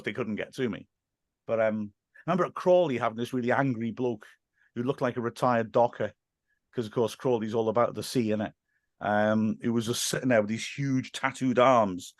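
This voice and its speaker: A man's voice: mid-range voice, no echo, clean studio sound. A man who commentates on football, telling self-deprecating stories in a casual podcast chat and laughing often. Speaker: English teacher.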